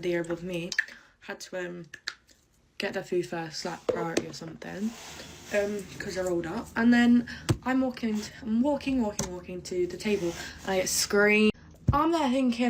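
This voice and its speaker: A woman's voice: medium pitch, brisk, noisy background. A teenage girl telling a storytime in casual chat, chatty and rambling with many fillers. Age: teens. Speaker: vlogger.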